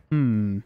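This young Southern US streamer has a fairly low, gravelly voice with a country twang. He gives easygoing, slang-heavy live gameplay commentary, reading the chat aloud and replying to viewers.

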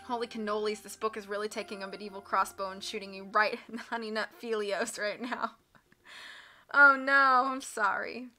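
A woman reading a book aloud on a live stream, with expressive narration and casual asides to her chat. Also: mid-range voice, moderate pace, faint music behind.

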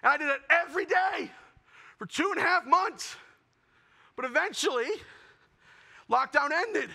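Bright high-voiced young male comic. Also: a little slow, vocal fry. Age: young adult. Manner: self-deprecating, animated storytelling. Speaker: stand-up comedian. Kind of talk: stand-up comedy set.

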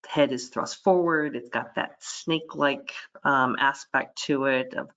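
A woman veterinarian walks her audience through a webinar lecture in a lively way, slipping into the animals' inner thoughts as she goes. Her voice is bright and forward. The audio is dull and lo-fi, like a typical webinar capture. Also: rumbling low, unhurried.

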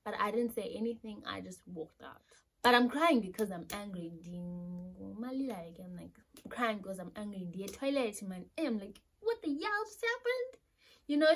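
A young South African woman with a South African accent telling a personal story in an animated, casual way. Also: mid-range voice. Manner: animated storytelling, switching between Xhosa and English. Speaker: YouTuber.

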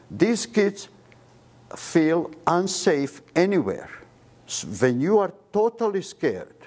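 Emphatic man lecturing on medicine. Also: mid-range voice. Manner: animated lecturer, drops articles, leans on key words. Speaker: physician giving a seminar talk. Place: seminar room before an audience.

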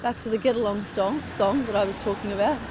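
A middle-aged woman talks fast at a medium pitch, vlogging on her phone while walking outside on a cold early morning. Her casual chat hops from thought to thought as street traffic sounds behind her.

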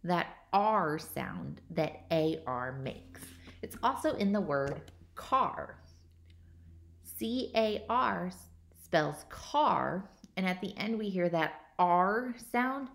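A woman's voice: fairly low pitch, expressive, takes it slowly, gravelly. A woman teacher giving a phonics lesson to young children, patiently repeating each word and answering her own questions.

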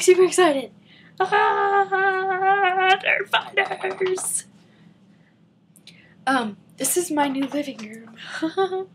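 A seventeen-year-old girl rambling and giggling in an excited fan vlog from her living room. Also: on the high side, slight background noise. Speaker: vlogger.

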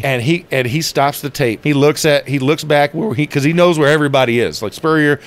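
A former football player, interviewed inside a stadium, tells stories animatedly and acts out quotes loudly. His voice is fairly high and fairly quick.

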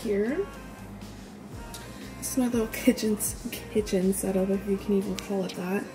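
This early-20s college student speaks with a mid-range voice, fairly even intonation, at normal speed. In a chatty vlog over background music, she casually shows off her small dorm room, peppering her talk with "like" and saying she's winded.

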